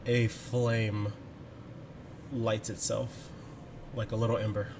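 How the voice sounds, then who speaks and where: A man's voice: fairly low pitch, flat delivery, slow, noisy background. A man running a tabletop game as game master, describing scenes with jokey asides.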